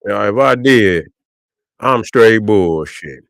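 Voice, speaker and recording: A man's voice: lowish voice, expressive, slow, gravelly, a bit bright, dry recording, clean studio sound. A man, ranting profanely and repetitively to viewers on a livestream. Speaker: online commentator.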